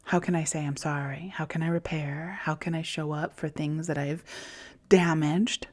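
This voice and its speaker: A woman hosting a podcast, speaking in a candid, reflective monologue that often drops into soft whispers, with casual swearing. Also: low voice, fairly even intonation, normal speed. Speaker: podcast host.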